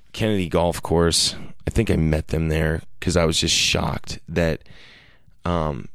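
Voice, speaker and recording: A man's voice: deep voice, no echo, clean studio sound. A man telling a long casual story, rambling with many fillers and restarts and quoting people in raised voices.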